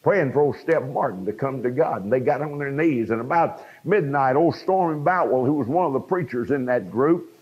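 A man's voice: medium pitch, animated, moderate pace, few pauses, slightly rough. An older man, preaching his own testimony to a congregation and speaking to the listeners directly. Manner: preaching storyteller, addresses the crowd directly. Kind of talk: sermon testimony. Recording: dull lo-fi sound.

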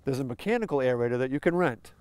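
A man's voice: mid-range voice, expressive, fast talker, a little mellow, smooth, dry recording. A man hosting a lawn care lesson outdoors, explaining steps in a folksy, plain way with simple comparisons. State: a little out of breath at times. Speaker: lawn care show host. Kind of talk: instructional demonstration.

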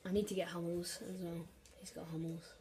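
Excitable woman commentating her game. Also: lowish voice, fairly quick, slight background noise. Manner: excitable, swearing, erupts into shouts at big plays. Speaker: gaming commentator. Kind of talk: casual live game commentary.

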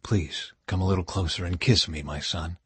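A man voicing an old blind father who speaks with a slow, solemn cadence. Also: low voice, steady tone, breathy edge, no room sound, pitched below the performer's own voice. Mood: tender.

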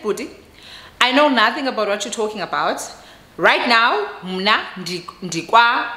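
A young woman with a South African Xhosa-inflected accent telling a storytime vlog, animated and switching languages. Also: mid-range voice. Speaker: vlogger. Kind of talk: casual storytime. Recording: echoey room.

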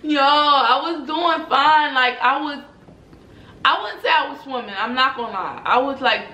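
A young woman tells a story straight to her viewers, animated and full of cursing, her voice a little high and bright. The room around her is noticeably echoey. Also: a little slow. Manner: animated, profane, addresses viewers as "y'all". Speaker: vlogger telling a personal story. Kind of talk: casual storytime chat.

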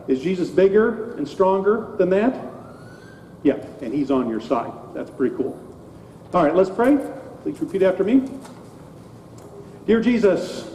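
Guy pastor doing a kids sermon in church, bouncy pitch, lots of questions, echoey hall. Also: a little hiss or hum. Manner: animated, asks children questions. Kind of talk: children's sermon. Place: church sanctuary. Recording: echoey hall, dull sound.

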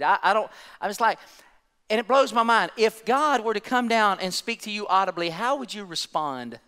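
A male pastor delivers an impassioned sermon in a very high, crisp voice. He retells scripture in plain everyday language. His voice carries through a church hall with a long echo. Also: bright, forceful tone. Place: church sanctuary.

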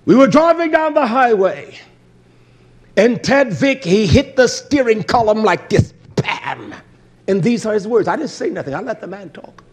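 A man's voice: high voice, very animated, moderate pace, breathy edge. A man preaching a sermon, telling stories with emphatic repetition and blunt swearing. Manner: emphatic preaching, repeats phrases for stress; swears for emphasis and grows louder. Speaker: pastor.

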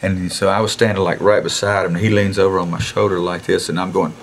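A man, casually telling anecdotes in a recording studio, animated and chuckling, acting out quotes. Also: deep voice, quick pace, gravelly, hardly any pauses, slight background noise. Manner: animated storyteller who chuckles, acts out quotes and restarts sentences. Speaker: musician interview guest.

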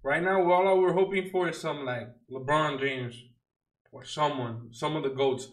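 A young man opens trading card packs on a stream, chatting casually in slang and joking with mock outrage at his pulls. His voice is fairly high and a little slow, and the low-quality recording has a roomy sound.

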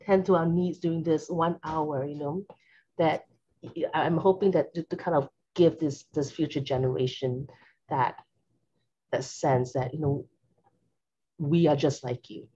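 A woman speaking in a halting, hesitant way as a panel guest. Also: deep voice, fairly even intonation, mellow. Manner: halting, hesitant, many fillers. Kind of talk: casual panel talk. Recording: dull, slightly noisy recording.

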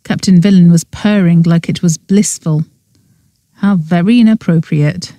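An audiobook narrator reading a cozy mystery in first person, with an even storytelling manner. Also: mid-range voice, measured pace, no room sound.

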